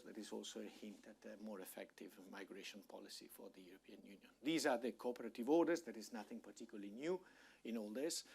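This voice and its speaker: A man giving a public lecture on policy as a guest speaker, measured and thoughtful, with frequent fillers and restarts. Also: lowish voice, gravelly, a little mellow, breathy edge. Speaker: guest speaker, think-tank director.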